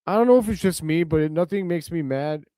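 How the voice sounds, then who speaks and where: Man, live game commentary, casual and chatty, fairly high voice, smooth tone. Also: quick pace, no room sound. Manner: casual, chatty play-by-play answering viewers' comments; excitable outbursts over big plays. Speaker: live stream host.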